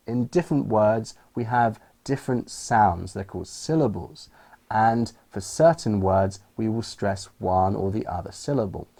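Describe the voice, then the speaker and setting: Gravelly, warm-voiced British male teacher. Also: fairly low pitch. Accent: British English. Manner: demonstrates stress and intonation with example sentences. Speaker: English teacher. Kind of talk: explaining lesson to camera.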